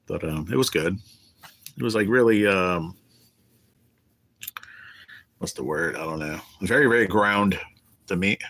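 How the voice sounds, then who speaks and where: Hosting a laid-back livestream while sick and going through cancer treatment, a middle-aged man shares blunt, foul-mouthed stories and reads viewers' chat out loud. He speaks in a low, fairly bright voice at a measured pace, pausing often, recorded through a phone or webcam.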